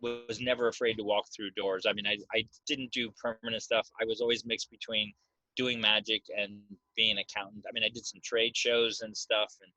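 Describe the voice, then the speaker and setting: A man, a magician, talking casually about his career in a relaxed, reflective way. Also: fairly low pitch, fairly quick, no echo. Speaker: magician guest. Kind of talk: casual interview chat. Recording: dull, dry lo-fi sound.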